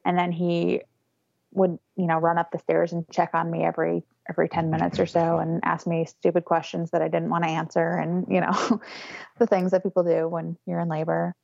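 A woman's voice: on the low side, completely flat delivery, moderate pace, vocal fry, darkish tone, no room sound, highs cut off. A young woman casually telling a candid story, often laughing as she talks. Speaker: guest telling her birth story. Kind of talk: casual conversation.

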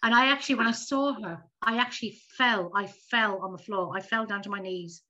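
Woman, 50s, quick animated storyteller, dull lo-fi recording. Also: mid-range voice. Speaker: podcast guest. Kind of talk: casual storytelling chat. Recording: dull lo-fi audio.

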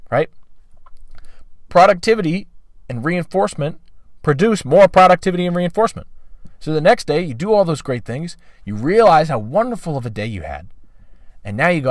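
A man's voice: on the high side, very animated, a little fast, no echo. Emphatic man repeating his points, dry sound. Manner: emphatic, repeats key phrases, acts out quoted voices. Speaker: dog trainer. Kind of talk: motivational talk on dog training.

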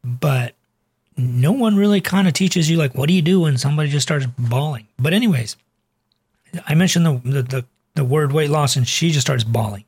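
Male doctor in his forties, rambling storyteller, husky voice, dry close sound. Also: on the high side, normal speed, darkish tone, no echo. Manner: chatty and rambling, with many fillers and asides. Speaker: cardiologist and weight loss coach. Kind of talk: casual storytelling monologue to camera.

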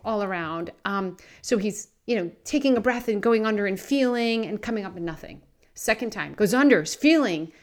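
A woman co-hosting a Christian podcast, earnestly telling a story and acting out its characters. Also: fairly low pitch. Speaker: podcast co-host. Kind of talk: faith podcast chat with storytelling.

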